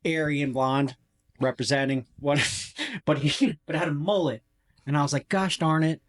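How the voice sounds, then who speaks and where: A man's voice: fairly high pitch, fairly even intonation, moderate pace. A man hosting a podcast, telling casual stories with enthusiasm and laughing along. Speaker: podcast host. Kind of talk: casual chat.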